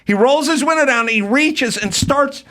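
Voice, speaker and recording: A man's voice: extremely high pitch, moderate pace. A male podcast host telling a rant-filled story in casual chat, acting out the people in it. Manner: animated, ranting, acts out quotes.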